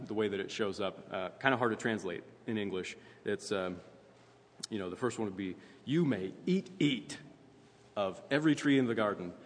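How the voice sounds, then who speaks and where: A man preaching a teaching sermon in a conversational way, with fillers and frequent "right?" asides. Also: fairly low pitch. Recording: long reverb in a hall.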